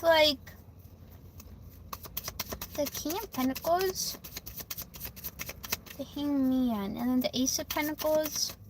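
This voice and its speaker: Young woman doing tarot on a livestream, high voice, stammers and repeats stuff, bit of noise behind. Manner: emotional, stammering, repeating herself. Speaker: livestreamer giving tarot readings. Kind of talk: live-stream tarot reading.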